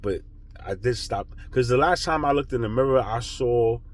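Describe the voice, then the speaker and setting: A man's voice: mid-range voice, normal speed, slight background noise. A young man casually telling a personal spiritual story, earnest and rambling, swearing freely and checking in with his listener. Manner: earnest, rambling, swears freely, keeps asking "you know?". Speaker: spiritual vlogger.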